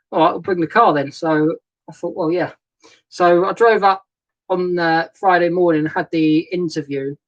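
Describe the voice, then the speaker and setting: A man, chatting casually and rambling a bit while hosting a live stream from inside a narrowboat and greeting viewers by name. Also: fairly high pitch. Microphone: laptop webcam setup.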